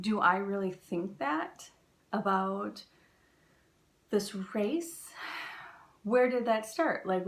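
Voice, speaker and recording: A woman from the United States, a spiritual teacher, talking in a casual, chatty way with lots of fillers and animated storytelling. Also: mid-range voice, gravelly.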